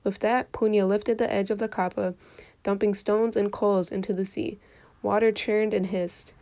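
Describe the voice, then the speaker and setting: A woman reading a folktale aloud for children in an expressive storytelling voice. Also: mid-range voice, normal speed.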